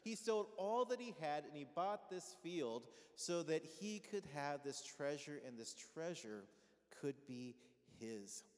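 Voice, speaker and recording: A man's voice: on the high side, lively intonation, a little slow. A pastor giving a conversational sermon, asking his congregation questions and having them call back answers. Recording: long reverb of a large hall.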